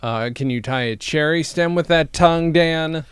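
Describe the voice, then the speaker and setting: A man's voice: on the high side, normal speed, clean tone, no echo. A man hosting a podcast, chatting casually with dry, teasing humor. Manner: dry teasing, deadpan asides. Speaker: podcast host. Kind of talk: casual comedic chat.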